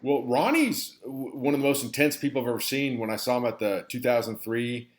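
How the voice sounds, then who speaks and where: A man's voice: medium pitch, a little fast. A man hosting an interview, giving brief affirmations and asking eager follow-up questions. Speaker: interview host.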